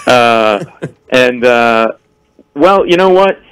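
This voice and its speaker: A middle-aged man tells a wild story as a radio guest, laughing as he goes and jumping into voices for the people in it. His voice sits at an average pitch. The studio sound is close and dry, with no room behind it. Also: expressive, very slow, fairly bright tone, clear, resonant tone, no echo, poor audio. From New York area. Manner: acts out characters in voices, laughing often. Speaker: comedian guest. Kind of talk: animated storytelling in a radio interview.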